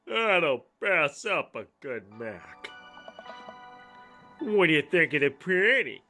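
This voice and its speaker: A man reads game dialogue aloud very slowly, with a bright tone and a lively, swooping pitch. Faint music plays behind him. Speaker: let's play co-host.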